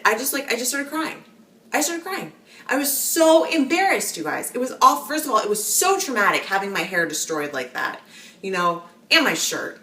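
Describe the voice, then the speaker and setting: A woman's voice: lowish voice, pushed and bright. Rambling young woman, roomy echo. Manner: rambling, many restarts and fillers. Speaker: vlogger. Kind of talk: casual storytelling. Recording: roomy echo, a bit far from the mic.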